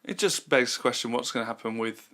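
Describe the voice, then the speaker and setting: A young man co-hosting a music podcast, telling stories in an animated, incredulous way. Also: medium pitch, fast. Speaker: podcast co-host. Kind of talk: casual chat.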